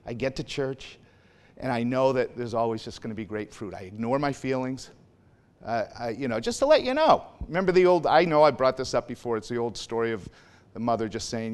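A man preaches a sermon in an unscripted, conversational style. He wanders off track, asks the congregation questions and pokes fun at himself. His voice sits at an ordinary middle pitch. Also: expressive, fairly quick, clean tone. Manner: conversational, rambling, self-deprecating, quizzes the congregation. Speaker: pastor. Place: church sanctuary.

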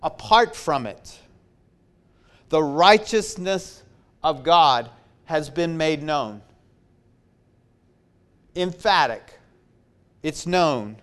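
A man preaching a sermon, slow and emphatic, repeating his key phrases. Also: a little high, animated, smooth.

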